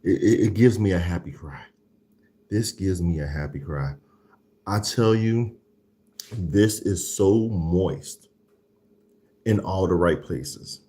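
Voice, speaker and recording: A man hosting a live food tasting show, gushing about what he has cooked and swinging from low murmurs to high, excited exclamations. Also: slow pace, long pauses. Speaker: food show host tasting his own cooking.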